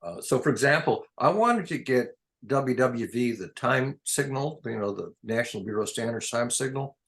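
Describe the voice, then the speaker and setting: A man's voice: mid-range voice, expressive, moderate pace, gravelly. An older man in a casual, rambling chat, drifting between topics and chuckling often. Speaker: conversation partner.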